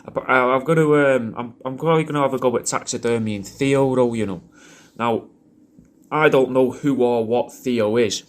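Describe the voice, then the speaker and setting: A man's voice: mid-range voice, moderate pace. A man talking in a crude, rambling way, recording a personal video message full of swearing and restarts. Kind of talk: casual rambling monologue.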